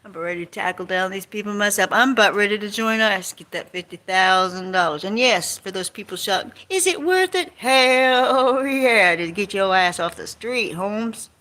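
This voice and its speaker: A woman's voice: medium pitch, fairly even intonation, brisk, few pauses, bright, forceful tone. A woman vlogging from home in a rambling casual chat, sarcastic and swearing, jumping between topics and mocking people in put-on quotes. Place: home, on couch or bed.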